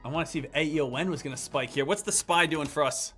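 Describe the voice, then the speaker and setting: Male trading-stream host, animated and lecturing, bright and forceful tone. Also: a little high, fast, slightly rough, soft background music. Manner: animated, lecturing, addresses the chat directly. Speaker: day trading livestream host. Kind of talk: live trading commentary.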